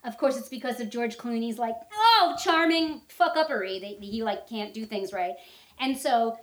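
High-voiced woman telling a story. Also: normal speed, echoey room. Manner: animated storytelling, acts out quotes. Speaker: podcast co-host. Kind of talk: casual chat.

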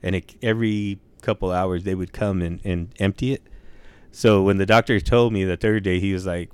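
Laid-back swearing young man, smooth voice. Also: sits low, fairly even intonation, normal speed, dry recording. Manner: laid-back, swears a lot, says dude and bro. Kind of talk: casual storytelling chat.

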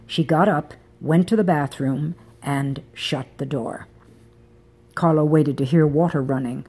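A woman narrating a romance novel in a soft, intimate reading style. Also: low voice, a little slow, husky. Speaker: audiobook narrator.

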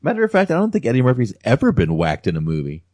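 A man chatting casually as podcast co-host, halting and repeating words, with some profanity. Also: mid-range voice, huge pitch swings, a little mellow, no room sound. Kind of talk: casual chat.

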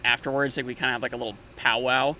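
Young guy guesting at a backyard chat, bright edgy voice, laid-back and halting, faint traffic behind. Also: medium pitch, little pitch movement, low-quality recording. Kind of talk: casual chat. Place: outdoors in a backyard.

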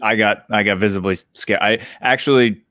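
Laid-back male co-host, lowish voice, dry close recording. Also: fairly even intonation, normal speed, bright, forceful tone, no room sound. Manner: easygoing, brief agreeing replies. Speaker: podcast co-host. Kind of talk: casual podcast banter.

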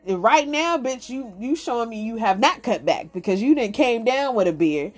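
A woman's voice: a little high, animated, moderate pace, few pauses, soft background music. A woman host telling a comic story in a casual, profane and exasperated way. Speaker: podcast host.

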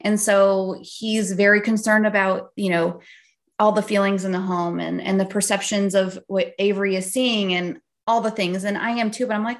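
A middle-aged woman hosts a podcast in a relaxed, conversational way. Her voice sits at a typical pitch, and she speaks in an easy, storytelling manner. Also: normal speed, vocal fry. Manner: conversational, tells stories about her own life. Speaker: podcast host. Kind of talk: casual podcast chat.

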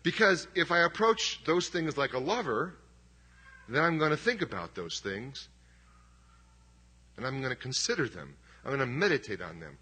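A man's voice: mid-range voice, big pitch swings, moderate pace, bright, forceful tone, slightly rough. A middle-aged man preaching a sermon as pastor, conversational and emphatic, with self-deprecating humor.

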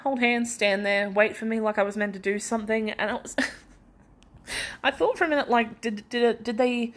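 Hosting her own podcast alone, this young Australian woman talks at a moderate pace with a fairly high pitch. She's feverish and chatty, rambling, putting herself down and starting over many times.

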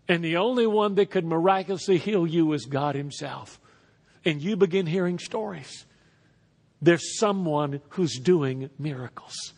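Brief: high-pitched male preacher, lively sermon in a big reverberant church. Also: unhurried. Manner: animated preaching, acting out voices, audience call-and-response. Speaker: pastor. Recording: reverberant hall.

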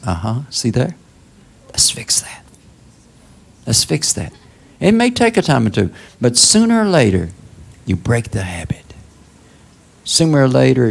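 Gravelly-voiced man preaching a sermon. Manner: conversational preaching with call-outs like "Huh?" and sudden high exclamations. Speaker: pastor.

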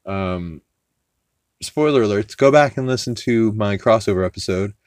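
A man's voice: fairly low pitch, moderate pace, a little mellow, no echo. A man hosting a podcast, casually recapping an episode in a rambling, profane way with many fillers and restarts. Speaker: podcast host.

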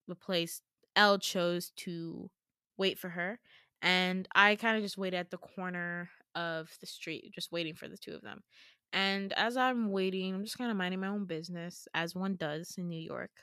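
A woman podcast host telling a story casually, chatty and animated, swearing freely. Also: lowish voice, measured pace, clear, resonant tone, no room sound, studio quality. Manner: chatty, profane, animated retelling.

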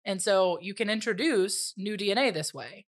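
A young adult woman co-hosting a casual science podcast, relaxed and agreeable, often laughing. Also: mid-range voice, moderate pace, no room sound, clean studio sound. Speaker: podcast co-host.

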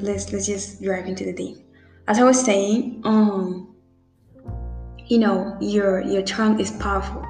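Young woman vlogger, 18, heartfelt and rambling, mid-pitched voice, echoey room. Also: a little mellow. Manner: earnest, many fillers and restarts, addresses viewers directly. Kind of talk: casual heartfelt talk to camera. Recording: roomy echo, faint music behind.

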